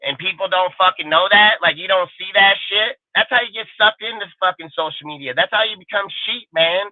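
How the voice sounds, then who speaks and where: A man's voice: high voice, fairly quick, dry recording. A man hosting a live sports show, ranting heatedly and swearing constantly. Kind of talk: live stream rant. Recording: tinny phone-like sound.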